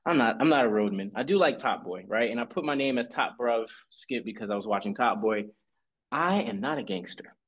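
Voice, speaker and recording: A man co-hosting a casual podcast recap, telling the story with lively swings and quick acted-out lines. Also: mid-range voice, slightly rough. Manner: animated storytelling, acting out lines in quick voices. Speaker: podcast co-host.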